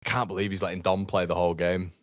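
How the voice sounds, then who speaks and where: A young man hosting a live football watchalong, excitable and sweary, chatting to his viewers. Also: deep voice, quick pace, no echo, studio quality. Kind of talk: live match reaction.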